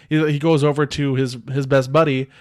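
This podcast host's voice is a little high and flat, moving at a moderate pace. Reviewing a film, he rambles through a casual recap packed with "like"s and restarts, chuckling frequently.

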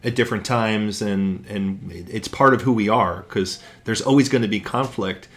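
A man's voice: lowish voice, moderate pace, a bit bright. A man in casual discussion, reflecting on a point and repeating words as he builds it.

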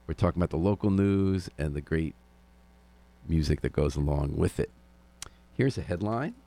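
Man, radio host, very deep voice, gravelly, dry sardonic asides, studio talk. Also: expressive, moderate pace, warm tone. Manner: wry, sardonic commentary. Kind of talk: local news talk radio with music.

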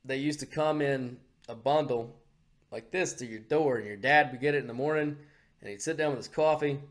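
A man hosting a podcast, telling a story in a rambling, animated way with lots of swearing. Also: mid-range voice, a little fast. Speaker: podcast host. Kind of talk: casual profane chat.

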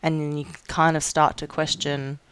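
This is a co-host in a relaxed podcast chat, rambling a little with plenty of likes and self-corrections. The voice comes across smooth and resonant, and the recording is close and dry. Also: mid-range voice, moderate pace, no room sound. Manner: chatty, lots of likes and restarts. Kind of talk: casual chat.

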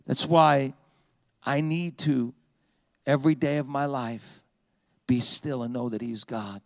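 Gravelly pastor, man, preaching and hushing. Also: mid-range voice, steady tone, no room sound, clean studio sound. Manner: emphatic, slows to a hush for prayer. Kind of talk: sermon.

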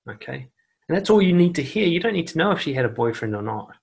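A man with a lively, mid-range voice speaks fairly quickly in a casual advice monologue to camera. Sitting indoors on a chair that creaks, he gives blunt dating tips, cursing liberally and imitating the voices he quotes.

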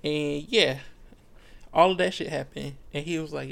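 Slight background noise sits under a somewhat high, bright voice with vocal fry, speaking at a normal speed. He co-hosts a book club podcast, summing up a novel in casual, foul-mouthed chat, voicing the characters' dialogue and laughing readily.

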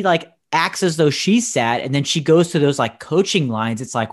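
A man's voice: on the high side, lively intonation, moderate pace. A man co-hosting a casual podcast chat, ranting emphatically and indignantly. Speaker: podcast co-host.

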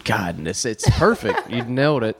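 A man's voice: medium pitch, sing-song, a bit bright. Profane, joking man hosting a podcast. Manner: profane, joking, quick asides. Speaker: podcast host. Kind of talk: casual crude comedy chat.

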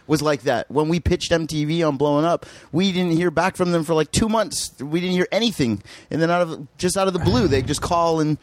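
A man, a guest actor and rapper, talking slowly and reflectively in casual chat. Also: on the high side, dry recording.

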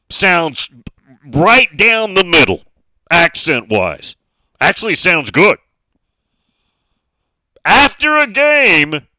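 A male talk radio host with a slightly higher voice that rises and falls a lot as he chats. He talks at an easy, unhurried pace into a studio mic, reading listener messages in a sharp, bright tone. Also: no room sound, low-quality recording. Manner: chatty, reads out listener messages. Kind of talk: casual sports talk radio.

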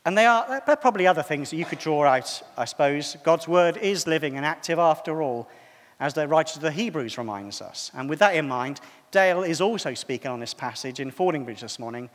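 Lively high-voiced preacher. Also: male voice, a little fast, big-room sound. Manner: conversational, self-deprecating, expressive preaching. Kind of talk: sermon.

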